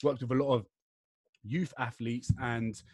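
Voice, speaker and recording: A man's voice: medium pitch, steady tone, measured pace, husky, no echo. Young english guy hosting a podcast, rambly slangy chat, dry close sound. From England. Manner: chatty, rambling, slangy banter. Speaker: podcast host. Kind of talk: casual chat.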